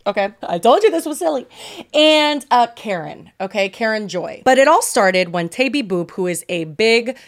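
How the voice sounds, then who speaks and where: Woman, podcast co-host, animated gossip, bubbly, swears a lot, slightly high voice. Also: normal speed. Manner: bubbly, swears freely, laughs often. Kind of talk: casual gossip chat.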